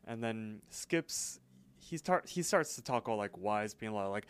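A man's voice: fairly low pitch, lively intonation, smooth. A man co-hosting a podcast, casually recapping cartoon episodes and quoting the characters' lines in a loose, chatty way. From England. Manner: retells scenes with quick quoted lines, loose and chatty. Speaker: podcast co-host.

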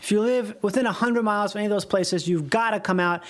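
Speaking fast in a high, fairly bright voice, a man hosts his own podcast as a casual solo monologue. He rambles and swears freely, chuckling often between phrases.

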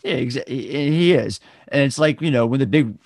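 A man's voice: medium pitch, moderate pace, vocal fry, a little mellow, no room sound, clean studio sound. A man hosting a podcast, casually recapping a film's plot and asking his guest questions. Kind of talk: casual film discussion.

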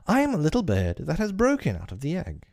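A man's voice: a little high, huge pitch swings, fast, vocal fry, a little mellow, no echo, clean studio sound, voice pushed up, exaggerated voice. Peter Pan, a man voicing a proud boyish fighter. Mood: defiant. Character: boyish, proud, defiant young sword fighter.

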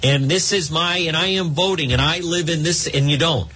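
A man's voice: a little high, normal speed, husky. A middle-aged man hosting a talk radio show, ranting sarcastically and rambling through live ad reads into a studio mic. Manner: animated, sarcastic, rambling, mock-exasperated.

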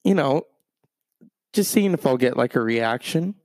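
A man's voice: medium pitch, expressive, unhurried, a little mellow, no room sound. A man hosting a show, ranting in a crude, rambling, self-mocking comic way. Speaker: show host. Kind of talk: comedic rant.

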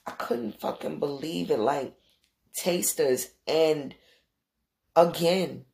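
A middle-aged woman hosting a podcast, telling a story in a casual, animated, profane way and acting out quotes. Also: takes it slowly, gravelly. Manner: animated, profane, acts out quotes with big pitch jumps. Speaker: podcast host.

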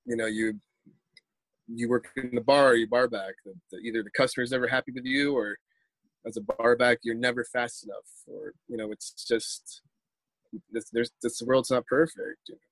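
A man's voice: mid-range voice, fairly even intonation, normal speed, fairly bright tone, no echo. A man, a poet telling a story in a casual interview, rambling and repeating words as he acts out quotes.

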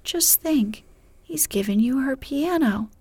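A woman voicing an eager, excited young woman, Jo, in a whispered role-play, gushing in a breathless whisper. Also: sits high, slow pace, breathy edge, no room sound, voice pushed up, exaggerated voice. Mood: proud.

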